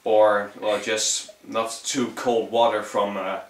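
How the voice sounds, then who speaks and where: With a fairly low voice and little pitch movement, a young Dutch native from the Netherlands speaks slowly through a rambling, profane, relaxed vocal tutorial in accented English. The mic is at a distance in an echoey room, with slight background noise.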